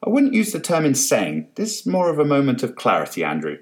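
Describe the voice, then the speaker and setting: A man voicing a defiant, calmly unhinged middle-aged executive. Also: mid-range voice, brisk, voice pushed up. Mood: serene.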